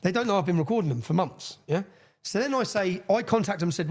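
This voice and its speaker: A man, a podcast guest telling a long story with energy, swearing and acting out the people he quotes. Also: sits high. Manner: fast, excitable, swears, acts out quoted voices. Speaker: interview guest. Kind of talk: animated storytelling in a podcast interview.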